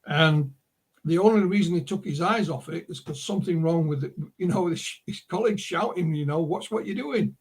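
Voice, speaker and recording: A middle-aged author and publisher, appearing as a guest in a casual interview over a remote call, tells rambling anecdotes full of asides. His voice is fairly high and husky, and he talks a little fast.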